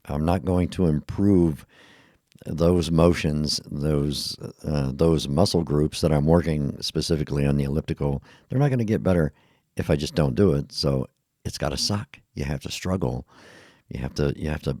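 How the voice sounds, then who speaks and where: A tired, yawning middle-aged podcast host with a very deep, dark voice rambles through a casual monologue at normal speed. He's self-deprecating and often laughs at himself. The studio recording is clean, with no echo.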